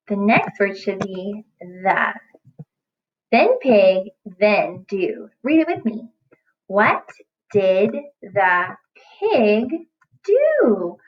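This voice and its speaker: A woman's voice: mid-range voice, highs cut off. A woman teaching young children in a recorded lesson, talking in a playful, exaggerated sing-song way. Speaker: kindergarten teacher.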